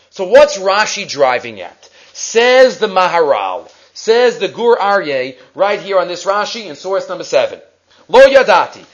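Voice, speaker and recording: A man's voice: high-pitched, a bit bright, low-quality recording. A man giving a Torah class, reading Hebrew sources aloud and explaining them in English, asking and answering his own questions. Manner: mixes Hebrew and Aramaic quotes into English. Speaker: Torah teacher.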